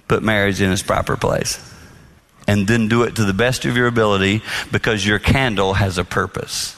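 A man giving a marriage talk to an audience, telling stories and acting out dialogue in soft voices. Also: lowish voice. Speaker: marriage speaker.

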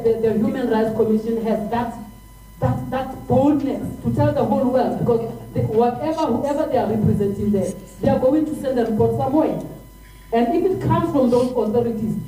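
A South African woman speaks with fervor at a crowded press briefing, circling back over her words as she presses her point. Her voice is dark and mellow. It carries through an echoey, hot room from some distance off the mic, with a faint hum underneath. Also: a little high. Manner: emphatic, repeats and restarts when worked up. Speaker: press conference speaker for civil organizations.

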